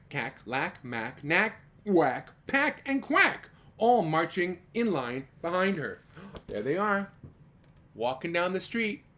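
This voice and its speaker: Animated man reading to children. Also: high voice. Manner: animated, asks the listener questions, gasps and exclaims. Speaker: children's storyteller. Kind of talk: reading a picture book aloud to children.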